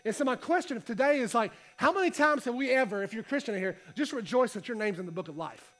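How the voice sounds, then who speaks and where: A man preaching a casual sermon to a congregation, reading scripture and talking in a conversational, animated way. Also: very high voice, fast talker. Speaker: pastor. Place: church hall.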